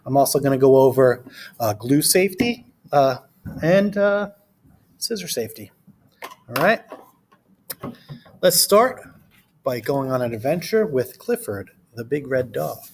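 A man teaching an online lesson to young children, giving gentle instructions and reading a storybook aloud with character voices. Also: medium pitch, big pitch swings, unhurried, long pauses, a little hiss or hum.

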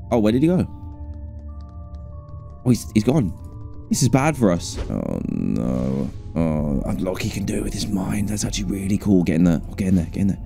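A man giving live gameplay commentary as a gaming streamer, excitable and jumpy, with frequent laughter. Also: low voice.

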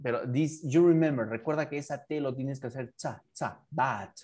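A man's voice: medium pitch, fast, dark tone. A man whose first language is Spanish, teaching English to a child over a video call, patiently repeating and drilling words. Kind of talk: online English lesson for a child.

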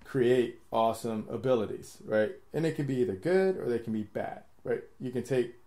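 A podcast host with a dark, medium-pitched voice talks at a moderate pace, rambling through his ideas in casual chat. He laughs often and swears freely.

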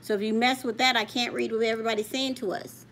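A woman holds her phone and runs a casual live stream from home. Her voice sits a little high and rings bright and sharp. She chats freely with viewers while scolding a kid in between. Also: steady tone, fast talker, slight background noise. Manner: chatty, talks straight to viewers while scolding a child off-camera. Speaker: coin channel host. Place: home room. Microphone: handheld phone.

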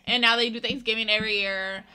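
A woman's voice: a little high, fairly even intonation, quick pace, pushed and bright. A woman co-hosting a reaction video, chatting casually and rambling through stories with lots of fillers. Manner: rambling storyteller, full of fillers. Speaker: reaction channel co-host.

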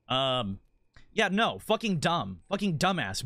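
A man streaming a game, chatting casually in a rambling, profane, animated rant. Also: mid-range voice, moderate pace, no echo, clean studio sound.

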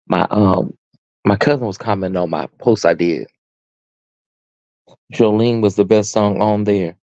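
An American man hosts a casual live stream, sassy and chatty, calling viewers honey and baby as his pitch swoops up and down. His voice is dark and mellow, and the recording is dry, a little dull, and echo-free.

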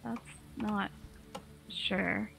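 A woman's voice: mid-range voice, fairly even intonation, very slow, creaky, a bit bright, slight background noise, poor audio. A woman playing a tabletop game, easygoing and a little hesitant. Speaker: player. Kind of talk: casual tabletop play.

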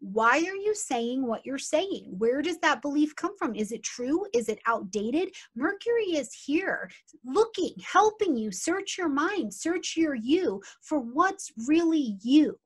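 A woman giving a lively astrology reading, talking straight to her viewers and often asking them questions. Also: sits high, breathy edge. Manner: animated, addresses viewers as "you guys". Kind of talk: casual astrology talk to viewers.

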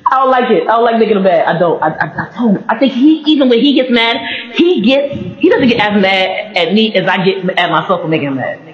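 A man with a high, very lively voice talks through a casual faith-based monologue, rambling and laughing as he goes. He restarts sentences often. The recording is roomy and slightly dull. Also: fairly quick. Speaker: vlogger.

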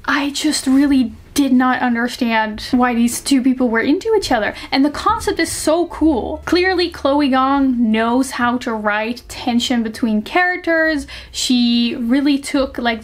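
A young woman with a fairly high voice gives a casual, candid book review vlog. She rambles in a chatty, frank way and leans on lots of fillers as she talks. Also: unhurried, few pauses.

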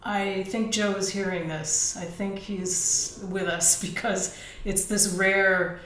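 Woman host, slow delivery, roomy off-mic sound with faint ambience. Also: mid-range voice, fairly even intonation, fairly bright tone, a little hiss or hum. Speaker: host of a memorial gathering. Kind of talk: hosting a memorial online.

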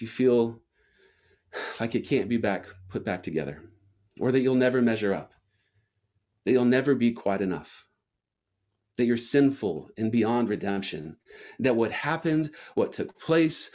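A male pastor delivering a sermon with a repetitive, building cadence, rising to emphatic peaks and slowing down for weight. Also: mid-range voice, darkish tone. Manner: earnest and reflective, slowing for weight.

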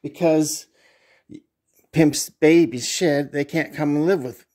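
A man's voice: on the high side, takes it slowly, mellow. A man chatting casually to his pets, switching between cooing baby talk and crude jokes. He refers to himself in the third person.

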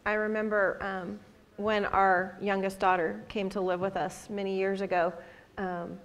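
A woman's voice: mid-range voice, level tone, a little slow. A woman leading a church discussion, asking guiding questions and telling personal stories. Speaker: discussion leader. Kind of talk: conversational church teaching.

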